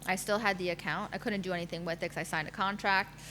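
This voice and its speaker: A woman in her thirties shares her personal story as a podcast guest, talking candidly with plenty of fillers. Her voice is bright and forceful. A faint hum sits under the recording. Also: lowish voice, fairly even intonation, fast. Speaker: guest, matchmaker.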